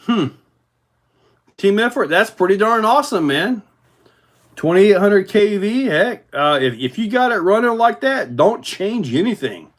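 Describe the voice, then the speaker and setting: Male livestream host, pitched a bit high, easygoing and rambling, talks through viewer comments. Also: measured pace. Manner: rambling, relaxed, many fillers. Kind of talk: casual livestream chat reading viewer comments.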